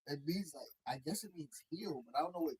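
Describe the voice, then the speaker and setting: A man in a casual chat, sounding unsure and trailing off quietly. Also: fairly high pitch, animated, a little fast, slightly rough, dry recording, low-quality recording.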